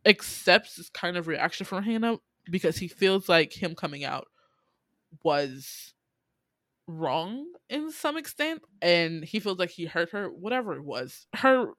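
A young adult podcast co-host recapping a drama in casual chat, animated and incredulous, swearing freely with quick asides. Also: mid-range voice, no room sound, clean studio sound.

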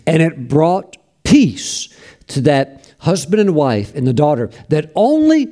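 A man's voice: fairly high pitch, very animated, takes it slowly, mellow. A man preaching a sermon, telling a story with fervent emphasis and bursts of praise.

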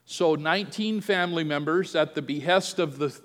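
A man's voice: a little high, moderate pace, a bit bright, long reverb tail. A man preaching a sermon, telling a family story and acting out the quoted voices. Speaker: pastor.

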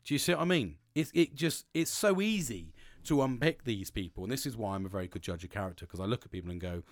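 A man's voice: on the low side, expressive, quick pace. Sweary, rambling British man. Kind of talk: casual monologue.

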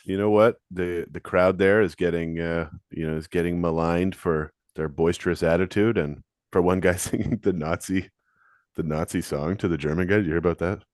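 A low-voiced man trading deadpan, mock-serious remarks in a casual podcast. His voice sits close and dry on the mic, without any room echo. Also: moderate pace. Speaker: podcast co-host. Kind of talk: casual chat.

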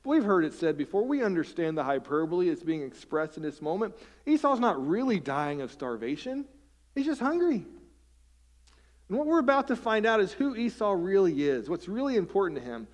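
In a church sanctuary, a pastor preaches animatedly in a fairly quick, high-sitting voice. He swings between loud emphasis and hushed asides, posing rhetorical questions.

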